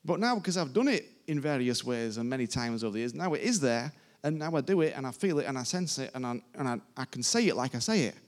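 A man's voice: mid-range voice, lively intonation, quick pace, hardly any pauses. A man preaching a sermon to a congregation in an informal, emphatic way, repeating his phrases. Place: church service before a congregation.

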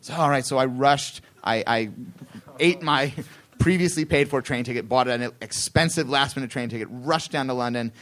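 A man telling a long, self-deprecating anecdote on a live theatre stage, rambling and slipping into quick impressions of other people. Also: medium pitch, fairly bright tone. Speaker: comedian guest telling a story.

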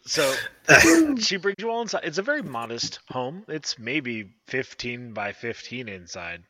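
A man narrating as game master of a tabletop game, with halting, filler-filled descriptions. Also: medium pitch, lively intonation, a crowd in the background.

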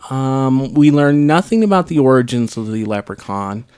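On a casual podcast, a male co-host recaps a film with sarcasm, rambling along and dropping plenty of ums. His voice is medium in pitch and a little mellow, with a clean tone and a moderate pace.

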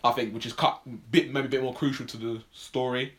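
Speaking fairly quickly in a steady, mid-range voice, a podcast co-host tells stories during casual chat. His delivery rambles, packed with fillers, lots of "like," and restarts.

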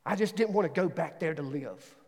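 A man from Alabama, preaching a sermon as a student pastor, telling stories in an animated way that jumps into an excited voice. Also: fairly quick, in a large hall. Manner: animated storytelling, swings into excited higher voice. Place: church auditorium.

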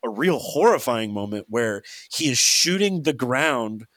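A man's voice: medium pitch, measured pace, no echo. Dry-sounding man in casual chat. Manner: animated storyteller, mimics people in quotes.

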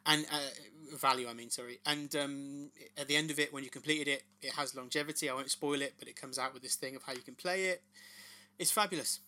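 A man's voice: medium pitch, a little fast. A man in his thirties, co-hosting a casual chat and telling stories with enthusiasm. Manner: enthusiastic, animated storytelling. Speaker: podcast co-host.

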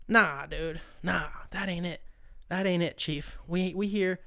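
Young man, podcast host, smooth clear voice, profane, sarcastic, casual rant. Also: high-pitched, steady tone, measured pace, sharp tone. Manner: loose, profane, sarcastic ranting. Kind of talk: casual solo podcast chat.

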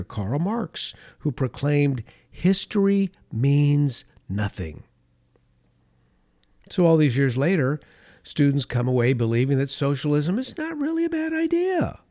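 With a voice on the high side, a middle-aged or older political commentator delivers an emphatic opinion monologue. Key phrases get repeated for stress, and he now and then drops into soft asides.

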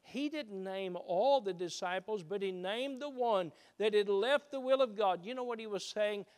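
A man preaching a sermon, shifting between loud emphatic peaks and hushed low passages. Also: normal speed, clean tone. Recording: reverberant hall.

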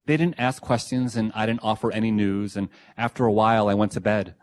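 A young adult man reading his own memoir essay in a reflective, measured, quietly emotional way. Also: lowish voice, steady tone. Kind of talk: first-person memoir reading.

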